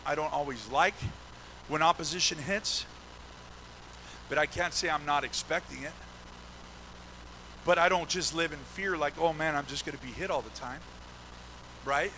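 A male pastor preaching a sermon with call-and-response, swinging from shouted, drawn-out refrains down to near-hushed talk. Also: a little high, a little hiss or hum, low-quality recording.

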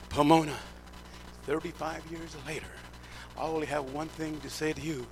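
High-voiced preacher telling his testimony. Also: flat delivery, normal speed. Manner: emphatic storyteller, acts out dialogue. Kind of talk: sermon testimony. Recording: clear background hum.

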